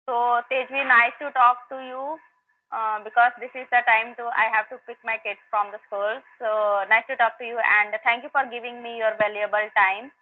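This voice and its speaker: High-voiced woman on a phone line. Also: steady tone, normal speed, a little hiss or hum. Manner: explanatory, many fillers. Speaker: host. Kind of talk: casual conversation about learning English.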